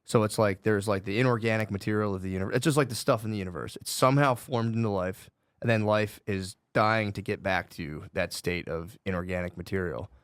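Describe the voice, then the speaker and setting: A man's voice: fairly low pitch, fairly quick, hardly any pauses, clean tone, dry recording. A man in his thirties chatting casually as a comedian guest on a podcast, rambling and swearing, with "dude" in every other sentence. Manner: rambling, swears a lot, says "dude" often.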